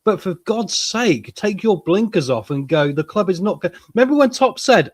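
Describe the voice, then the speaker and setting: Lively, exasperated male presenter, slightly high, swooping delivery. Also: normal speed, hardly any pauses. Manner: animated, exasperated ranting. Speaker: watchalong presenter. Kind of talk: casual podcast banter.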